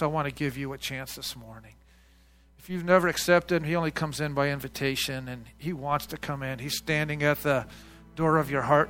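A man's voice: mid-range voice, a bit bright. A man leading a congregation in an earnest, repetitive closing prayer and altar call as their pastor. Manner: earnest, repetitive prayer with many "Lord Jesus" endings. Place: church sanctuary.

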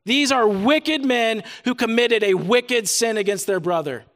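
A man's voice: extremely high pitch, a little slow, fairly bright tone. A young adult man reading scripture and preaching at a retreat, talking casually with lots of "like" and growing intense. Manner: reads scripture then preaches with rising intensity; casual filler "like" while preaching. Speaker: retreat speaker.

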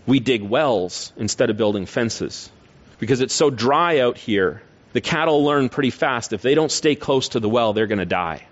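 A man voicing a matter-of-fact Australian cattle farmer who explains things calmly and patiently. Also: on the low side, muffled recording, lightly acted.

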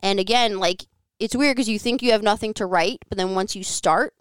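Frank, chatty woman guest, very clear voice. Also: mid-range voice, brisk, no room sound. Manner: frank, profane, filler-heavy with frequent "like". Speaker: podcast guest. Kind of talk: candid conversational storytelling. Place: home living room.

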